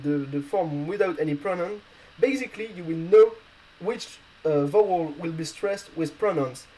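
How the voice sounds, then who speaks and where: A man whose first language is not English, explaining grammar rules as a language teacher, halting often with fillers and correcting himself. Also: fairly high pitch, darkish tone, low-quality recording. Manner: hesitant, halting, many fillers and self-corrections.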